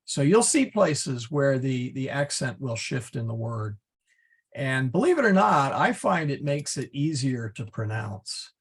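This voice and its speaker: A man teaching a class, explaining step by step in a patient, methodical way with frequent pauses and fillers. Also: medium pitch, sing-song, gravelly, breathy edge. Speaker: Latin teacher.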